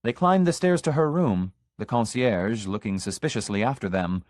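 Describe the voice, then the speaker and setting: A man reading an audiobook as narrator, in measured, even storytelling. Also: fairly low pitch, no room sound, clean studio sound. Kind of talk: scripted narration.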